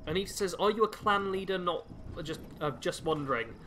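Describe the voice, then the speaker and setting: Male streamer, slightly high, chatty and easygoing while playing, faint hiss behind. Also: lively intonation, fairly quick, bright, forceful tone. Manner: chatty, reads chat aloud while playing. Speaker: game streamer. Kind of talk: casual live-stream commentary.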